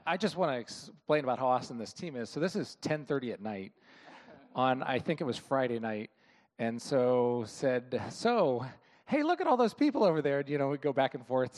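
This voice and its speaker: A man's voice: mid-range voice, darkish tone. A man enthusiastically describing his mission team's late-night outreach to a church gathering. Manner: enthusiastic storytelling with fillers. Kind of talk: church testimony sharing.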